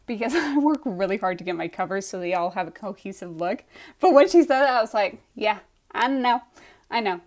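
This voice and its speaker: A young woman telling a personal story in a casual, animated way, acting out her own reactions as she goes. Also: mid-range voice, quick pace.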